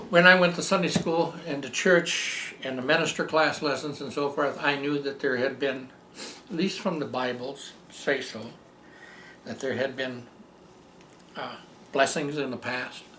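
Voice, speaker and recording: An older man telling a personal story as a testimonial, rambling and halting, with many fillers and restarts. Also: medium pitch, fairly even intonation, bright, forceful tone, reverberant, a little hiss or hum. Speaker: patient giving a testimonial. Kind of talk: storytelling tribute.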